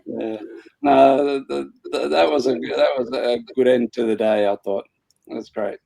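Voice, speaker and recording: A gravelly-voiced man, guest in an interview, talking casually. He restarts his sentences often and trails off as he goes. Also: mid-range voice, dark tone, poor audio. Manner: halting, with many restarts and trailing off. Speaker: comic creator guest.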